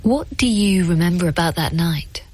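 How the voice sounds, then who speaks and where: A woman interviewer asking gentle, probing questions about a guest's past. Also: fairly low pitch, animated, moderate pace, slightly rough, no room sound.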